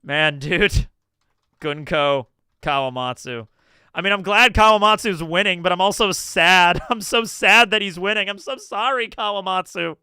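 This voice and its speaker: A man's voice: high-pitched, moderate pace, bright, forceful tone, clear, resonant tone, no echo, studio quality. A man streaming live, rambling through casual commentary, swearing and laughing as he goes.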